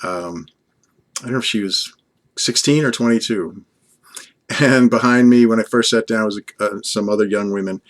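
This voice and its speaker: A man's voice: on the low side, moderate pace. An older man from Long Island talking earnestly and fondly in a rambling vlog monologue, addressing an unseen companion. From Long Island, USA. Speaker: vlogger.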